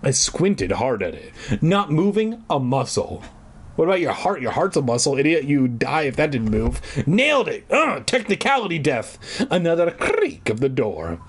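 A man reads a children's book aloud with a lively, swooping voice that sits a bit high. He keeps stopping for sarcastic, profane jokes. The delivery is a loose, casual read-aloud. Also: moderate pace, slightly rough. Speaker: reader.

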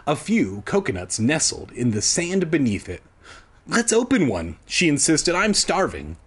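A man voicing a whiny young girl stranded on a beach, in a high squealing voice for a comedy reading. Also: wildly swooping pitch, a little slow, husky, full character voice.

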